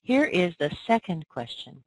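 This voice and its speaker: A woman's voice: on the low side, big pitch swings, breathy edge, no echo, poor audio. Patient woman modeling pronunciation. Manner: patient, slowly models sounds and words aloud. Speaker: pronunciation coach. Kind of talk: pronunciation lesson answering listener questions.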